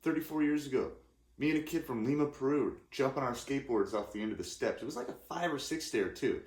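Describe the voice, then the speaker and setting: A Californian man in his forties talks fast and casually in a medium-pitched voice. He rambles, interrupting and restarting himself a lot, and the recording sounds roomy and echoey.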